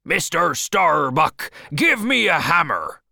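A man voicing a wild, obsessed old sea captain who shouts his orders slowly and fervently, in a storybook reading. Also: on the low side, wildly swooping pitch, vocal fry, no echo, studio quality, full character voice.

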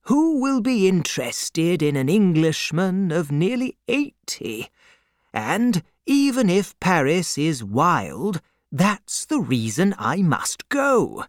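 A man's voice: high-pitched, big pitch swings, slow, dry recording, clean studio sound, voice pushed up, heavily acted. A man playing an earnest banker near eighty. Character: elderly English banker, nearly eighty, earnest.

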